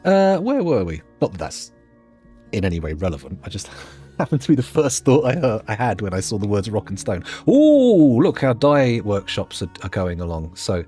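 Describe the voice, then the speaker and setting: A man's voice: on the low side, big pitch swings, fairly quick, a little mellow, breathy edge, faint music behind. A man giving jokey, rambling gameplay commentary, muttering asides to himself as he plays. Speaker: let's play host.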